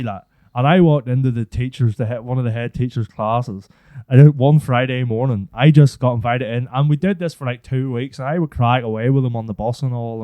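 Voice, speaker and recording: A young man, rambling through a story on a casual podcast and cursing freely along the way. His voice sits mid-range with a mellow, dark tone, recorded dry and close to the mic. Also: medium pitch, no echo. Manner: rambling, swears freely, animated impressions. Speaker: podcast co-host.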